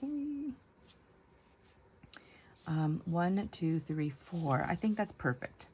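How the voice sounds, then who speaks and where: Chatty low-voiced woman crafting. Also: sing-song, slow pace, noisy background. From United States. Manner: chatty storyteller, laughs often, asides to viewers. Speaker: craft vlogger. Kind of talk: casual chat while crafting.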